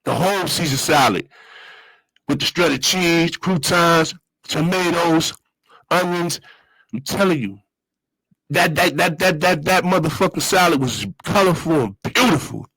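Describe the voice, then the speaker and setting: Casting: man, raised-pitch voice, streetwise slang, repetitive casual storytelling, dry close mic. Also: unhurried, a bit bright, husky, dry recording, rough recording. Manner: streetwise slang, repeats phrases, loose storytelling. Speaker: show host. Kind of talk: casual monologue.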